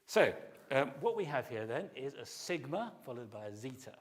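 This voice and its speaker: A man's voice: medium pitch, very animated, normal speed. A middle-aged man, a classics professor, giving a public lecture and explaining in detail, at times singing short phrases to illustrate. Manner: explanatory, sings short snatches of melody to illustrate. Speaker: classics professor giving a pre-concert talk.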